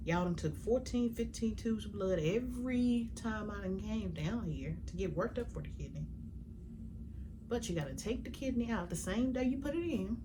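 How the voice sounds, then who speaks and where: A woman vlogger telling a personal story in a heartfelt, conversational way, with colloquial grammar and some hushed, whispered stretches. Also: mid-range voice, expressive, moderate pace. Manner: sometimes drops to a hushed whisper. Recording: noticeable background noise.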